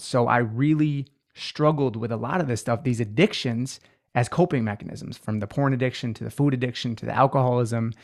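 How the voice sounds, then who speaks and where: A man in his twenties, a healing coach appearing as a podcast guest, tells his life story in an interview. His mid-range, creaky voice carries an earnest, reflective tone.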